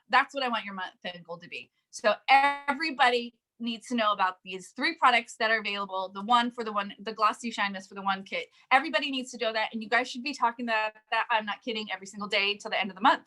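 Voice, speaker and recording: A woman leading a sales team, giving an energetic, emphatic motivational talk with frequent laughs. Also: fairly high pitch. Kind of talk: casual motivational chat.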